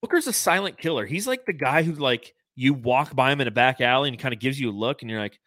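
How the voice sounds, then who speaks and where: A man's voice: mid-range voice, lively intonation, fairly bright tone, no echo. A man co-hosting a casual sports podcast, joking and laughing as he talks. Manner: laughing, joking, quick asides. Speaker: podcast co-host. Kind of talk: casual chat.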